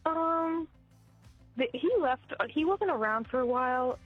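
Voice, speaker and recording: A woman's voice: sits high, unhurried, husky, no room sound, phone-quality sound, faint music behind. A woman calling in to an advice show, talking in a hesitant, resigned way. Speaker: caller. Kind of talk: call-in conversation.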